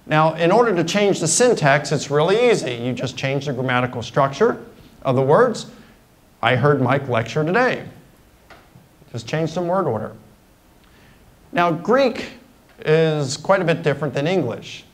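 A man's voice: fairly high pitch, very animated, moderate pace, pauses often, poor audio. Middle-aged guy guest lecturing students, chatty, walks through examples one by one. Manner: conversational, explains with examples. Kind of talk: university lecture. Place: lecture hall.

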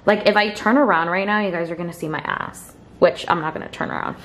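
A young woman with a lowish, slightly bright voice talks fast, chatting casually into her vlogging camera indoors at home and saying "like" constantly. A little hiss or hum can be heard on the recording.

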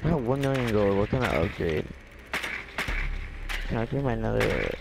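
A man's voice: fairly low pitch, animated, moderate pace, creaky, very noisy. A young man chatting bluntly while gaming, swearing casually. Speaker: gaming friend.

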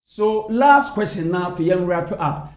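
High-voiced Ghanaian interviewer, echoey room. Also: male voice, lively intonation, measured pace. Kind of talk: interview questions.

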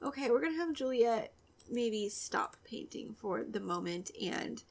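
A chatty young woman talks through her game in a casual, giggly way, her voice sitting a little high. She often sinks into a soft, breathy near-whisper. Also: lively intonation, unhurried. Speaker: gaming video creator. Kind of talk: casual let's-play commentary.

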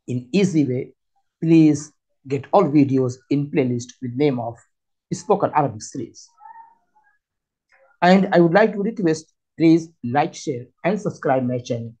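Slow, husky-voiced male language teacher. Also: on the high side, a little mellow. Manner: slow, repetitive, halting phrasing. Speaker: Arabic teacher. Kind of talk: spoken language lesson. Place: Qatar.

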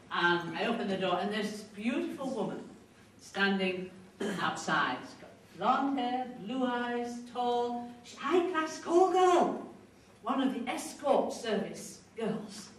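A woman's voice: mid-range voice, a little hiss or hum. A woman giving an earnest storytelling lecture, acting out the voices she quotes. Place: lecture hall. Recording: echoey hall, distant mic, faint ambience.

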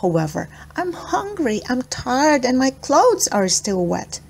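A woman's voice: high voice, big pitch swings, unhurried, gravelly, a little mellow, slight background noise, pitched above the performer's own voice, heavily acted. A woman voicing a defiant, grumbling young schoolboy in a storybook read-aloud. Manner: surly and defiant.

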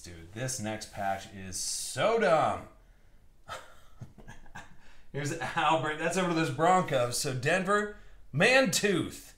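A young man hosting a live trading card break, excitedly calling out cards and buyers in slangy chat. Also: a little high, takes it slowly, pauses often. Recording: roomy echo.

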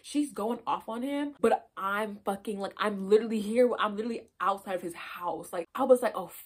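A young woman spills a messy party story in an animated, profane rush, her voice a little husky and breathy. She talks while getting ready, in a casual vlog storytime. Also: medium pitch, brisk. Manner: animated, profane, dramatic retelling. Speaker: vlogger.

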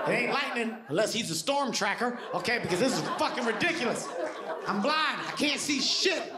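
Animated male stand-up comic, roaring crowd. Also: sits high, fairly quick, background noise. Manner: animated storytelling, shouting bits. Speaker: stand-up comedian. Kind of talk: stand-up set. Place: theater stage with audience. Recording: stage mic with loud audience laughter.

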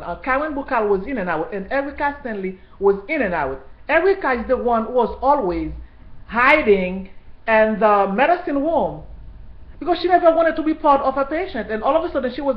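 A woman's voice: on the high side, roomy sound, lo-fi sound. Indignant woman telling a workplace story. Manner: indignant, halting, with repeated restarts. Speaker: hospital care worker telling her story. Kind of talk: personal testimony storytelling.

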